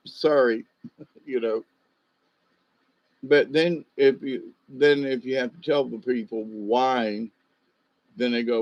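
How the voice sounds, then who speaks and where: A man's voice: mid-range voice, slow pace, pauses often, no room sound, highs cut off. Rambling, folksy man telling stories. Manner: rambling, folksy, many fillers. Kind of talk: rambling storytelling monologue.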